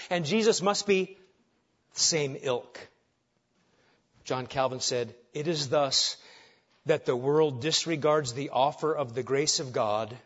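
A man preaching a sermon with emphasis, dropping soft on key phrases and rising when animated. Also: on the high side, highs cut off. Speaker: pastor.

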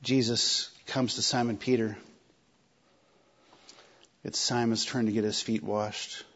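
Husky conversational male preacher. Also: lowish voice, takes it slowly, dull audio. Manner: animated, conversational, acts out quoted lines. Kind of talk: sermon.

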